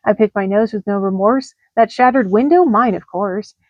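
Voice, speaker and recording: A woman reading rhyming holiday letters aloud in a lively sing-song delivery. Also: medium pitch, moderate pace, no echo, muffled recording. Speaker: storyteller.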